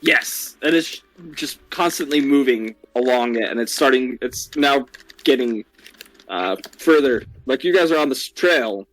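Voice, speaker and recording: Lively man running a tabletop game. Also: medium pitch, unhurried, rough recording. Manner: lively, rambling descriptions with restarts. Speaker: game master.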